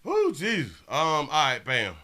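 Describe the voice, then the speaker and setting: A man's voice: a little high, huge pitch swings, a little slow, bright, forceful tone. A man hosting a live show, giving loose, casual commentary on the news and talking straight to his viewers. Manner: loose, talks to viewers as "y'all", thinks aloud. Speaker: show host.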